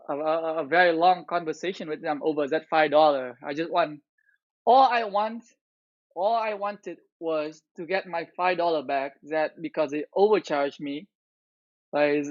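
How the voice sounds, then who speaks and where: A man chats casually on his live stream, venting his complaints and often breaking off to restart a sentence. His voice sits high for a man. The audio is dull and lo-fi. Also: no room sound. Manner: aggrieved, ranting complaint with repeated restarts.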